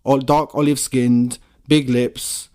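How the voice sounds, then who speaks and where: A man's voice: medium pitch, little pitch movement, takes it slowly, darkish tone. A man co-hosting a podcast, chatting casually in a rambling, profane, laid-back way. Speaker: podcast co-host. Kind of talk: casual chat.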